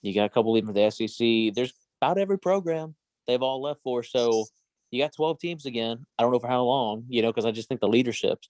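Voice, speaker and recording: A man's voice: medium pitch, animated, fast, a little mellow, no echo. A man co-hosting a podcast in casual sports chat, rambling and hedging through trivia asides. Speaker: podcast co-host.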